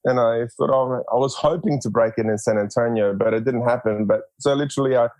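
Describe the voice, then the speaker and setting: An Australian man in his forties, a guest in a casual interview, speaking in a relaxed and halting way with many fillers. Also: medium pitch, no room sound.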